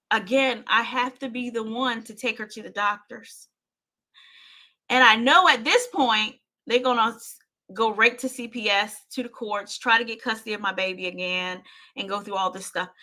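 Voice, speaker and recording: Woman, host, emotional personal storytelling, intense, repetitive, bright tone. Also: on the high side. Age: adult parent. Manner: intense, repeats herself, speaks straight to listeners. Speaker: host telling her own story.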